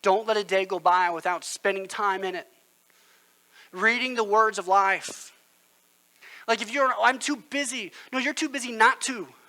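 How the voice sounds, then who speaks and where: A male pastor preaches a sermon, telling stories in an earnest, conversational way. His voice sits high and sounds bright and forceful. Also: normal speed, long pauses, rough recording.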